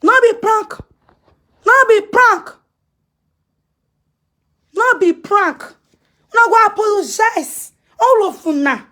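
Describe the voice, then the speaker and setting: A Nigerian woman with a Pidgin English accent and a strikingly high, piercing voice holds forth on a phone live stream. She scolds and lectures, hammering the same phrases over and over, and her voice climbs into shouts. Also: expressive, slow pace, pauses often. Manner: scolding, repetitive, emphatic, breaks into shouts. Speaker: social media personality. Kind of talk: ranting live-stream commentary.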